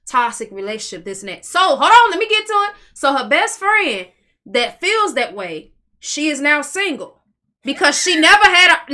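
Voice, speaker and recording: Loud bright-voiced woman podcast host. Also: sits high. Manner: loud, animated, talks fast in bursts. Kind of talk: casual chat.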